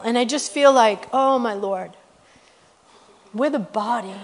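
A middle-aged woman guest preacher telling testimony stories in a sermon, animated and rising to loud exclamations. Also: on the high side, a little slow, pauses often.

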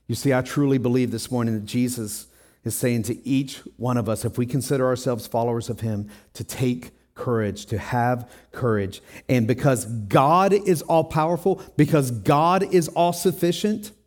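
A man's voice: mid-range voice, normal speed, darkish tone. A man preaching a sermon as a pastor in church, earnest and emphatic, acting out scenes in quoted lines.

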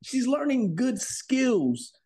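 Animated joking man on a podcast. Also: very high-pitched, breathy edge, dry recording, studio quality. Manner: playful, animated, quick joking asides. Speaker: podcast co-host. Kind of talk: casual podcast banter.

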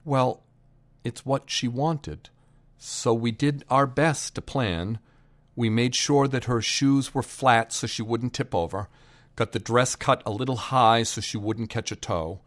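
Slow, deliberate male storyteller. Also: mid-range voice. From Boston area. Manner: unhurried, pausing for effect, shouting quoted lines. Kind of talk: personal storytelling performance.

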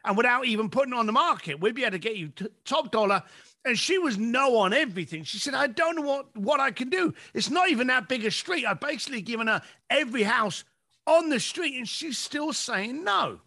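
Animated high-voiced man coaching. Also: brisk. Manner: animated storytelling, acting out clients' lines. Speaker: business coach. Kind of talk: podcast conversation.

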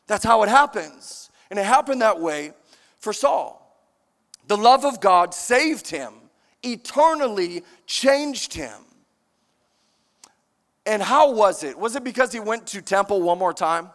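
A man preaching a sermon in a large church, emphatic and animated, questioning the congregation. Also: sits high, takes it slowly, long pauses. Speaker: pastor. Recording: long church-hall reverb.

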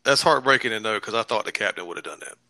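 A man's voice: on the low side, lively intonation, fast talker, vocal fry, pushed and bright, no echo. A man co-hosting a podcast, teasing and joking in casual banter. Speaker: podcast co-host.

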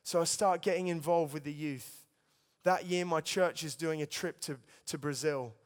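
A man's voice: on the high side, steady tone, moderate pace. A young man preaching a sermon, telling his own story in an earnest, storytelling way and addressing the listeners as guys. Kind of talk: sermon testimony. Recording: long hall reverb.

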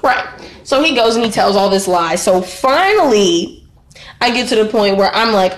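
A woman co-hosting a podcast, telling a story in a blunt, profane, animated way. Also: medium pitch, normal speed. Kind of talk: casual storytelling chat. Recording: roomy echo.

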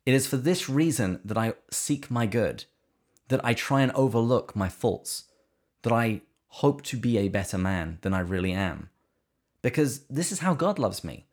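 A man with a notably deep, low voice speaks in a relaxed, conversational way on a podcast. He talks about faith in an earnest, reflective manner. Now and then he slips in some dry humor. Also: normal speed. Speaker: podcast co-host.

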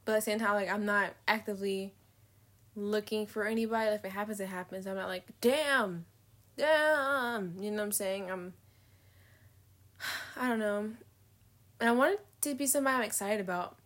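A woman's voice: medium pitch, steady tone, brisk, long pauses, a bit bright. A young woman venting in a casual confessional vlog, candid, slangy and profane, trailing off mid-thought and laughing often. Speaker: vlogger.

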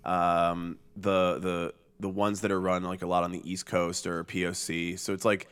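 A man with a very low, deep voice chats loosely on a podcast. He jokes, trails off and restarts his sentences often, filling gaps with "uh" and "like.". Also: little pitch movement, moderate pace, a bit bright, clean tone. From Chicago area. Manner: rambling, joking, many fillers and restarts. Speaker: podcast guest, emo night organizer. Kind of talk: casual podcast chat.

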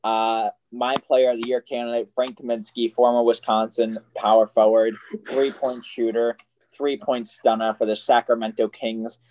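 A man's voice: medium pitch, little pitch movement, moderate pace, a little mellow. A man co-hosting a casual sports podcast, rambling and joking with frequent laughs.

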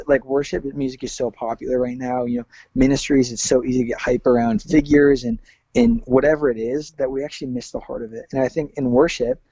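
A man's voice: mid-range voice, vocal fry, dark tone, no room sound, highs cut off. A man who is a worship leader, speaking earnestly in a casual interview, with many fillers and restarts.

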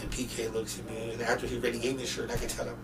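A man from North Portland, a podcast guest, telling casual stories in an animated, profane way and acting out other people's voices. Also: mid-range voice, rapid-fire. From North Portland, USA. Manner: animated, profane, laughing, acts out quoted voices. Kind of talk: casual storytelling. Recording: distant mic with steady background noise.

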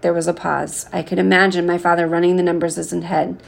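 A woman reading a novel aloud, with steady, expressive storytelling. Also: on the low side, fast talker, vocal fry. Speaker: reader.

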